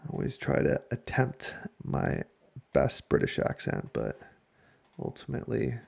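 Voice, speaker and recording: A man giving casual let's-play commentary on a football management game, joking to himself and shouting when his team scores. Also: mid-range voice, a little slow, vocal fry, husky. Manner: excitable, jokes to himself, shouts at goals. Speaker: video game player.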